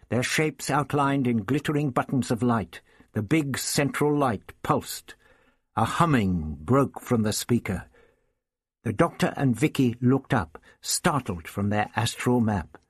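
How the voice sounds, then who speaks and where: A man's voice: medium pitch, animated, a little slow, husky, no echo. A man reading a science fiction novel aloud with vivid, dramatic storytelling. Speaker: audiobook reader.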